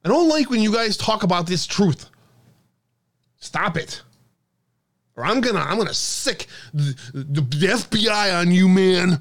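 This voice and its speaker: A man's voice: expressive, measured pace, pauses often, fairly bright tone, full character voice. A man putting on a mocking impression of a dismissive critic who scolds people for talking, sarcastic and whiny. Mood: whiny scolding. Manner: sarcastic, scolding, higher-pitched.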